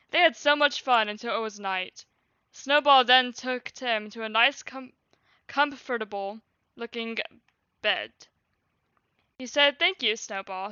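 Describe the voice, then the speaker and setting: A woman streamer reading her childhood journal aloud, lively and loud, with chatty asides. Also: a little high, clear, resonant tone, no room sound. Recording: dull lo-fi stream audio.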